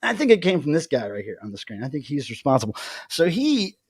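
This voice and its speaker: A man hosts a casual livestream chat, his higher-pitched voice leaping around with lively energy. He laughs easily and tells stories with enthusiasm. The sound is dry and close, with no room echo. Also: fast talker, husky. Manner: animated, laughs often. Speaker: livestream host.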